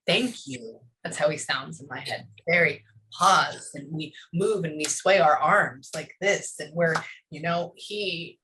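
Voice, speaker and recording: A woman working as a psychic medium, relaying messages in a reading, often pausing with "hang on" before carrying on. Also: deep voice, pushed and bright, a little hiss or hum. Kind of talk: one-on-one reading session.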